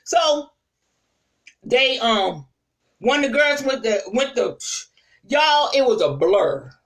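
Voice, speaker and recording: A woman apostle telling stories in a sermon, lively and conversational, speaking straight to her listeners. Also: fairly high pitch, slow, distant mic, low-quality recording. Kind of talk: storytelling sermon to a live audience.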